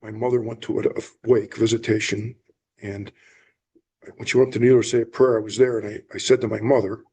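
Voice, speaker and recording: A man with a slightly husky voice talks quickly and plainly as an interview guest. He is a funeral director who explains his work with earnest conviction. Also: fairly low pitch, little pitch movement, darkish tone. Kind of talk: casual interview.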